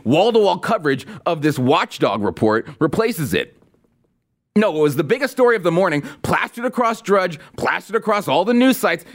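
A man hosting a political commentary podcast, talking in a sarcastic, mocking, animated way. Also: high voice. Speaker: podcast host.

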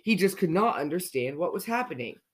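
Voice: mid-range voice, sing-song, brisk, fairly bright tone, slightly rough. A storyteller reading a children's picture book aloud, playfully asking young listeners questions along the way.

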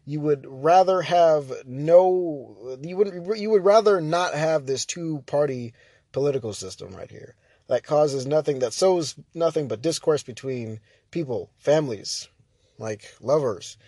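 An American man talks in a loose, rambling rant, stumbling over restarts and fillers, clearly fed up. His voice sits a little high for a man. The sound is close and dry, with no room around it. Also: expressive, a little slow, mellow, no room sound. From United States. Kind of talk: casual opinion rant.

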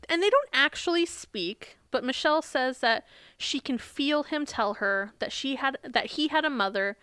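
A woman's voice: on the high side, a bit bright, dry recording, clean studio sound. Chatty young woman retelling a book. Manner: chatty, many fillers, laughs often. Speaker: podcast co-host. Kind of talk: casual chat retelling a book.

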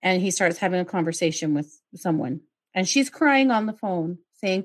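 A woman's voice: fairly low pitch, expressive, moderate pace. A woman hosting a podcast, retelling a true crime case and acting out the quoted calls with outraged asides. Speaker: podcast host.

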